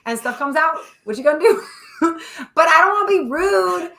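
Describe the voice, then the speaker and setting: A young woman telling a funny story in a casual live chat, animated and full of laughs. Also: extremely high pitch, fairly quick, slight background noise. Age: young adult. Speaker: co-host.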